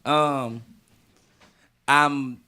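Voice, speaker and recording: Brief: young male singer from D.C., radio guest, easygoing and slangy, forceful bright tone. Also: mid-range voice, extremely slow, clear, resonant tone. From Washington, D.C. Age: 20s. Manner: relaxed, laughs often, slangy. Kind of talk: casual radio chat.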